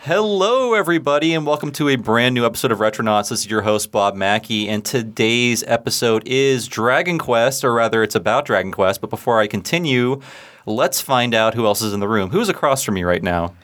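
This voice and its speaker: A man's voice: medium pitch, lively intonation, a little fast, fairly bright tone. Chatty male podcast host. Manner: chatty, laughs easily, many fillers. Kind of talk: casual podcast chat.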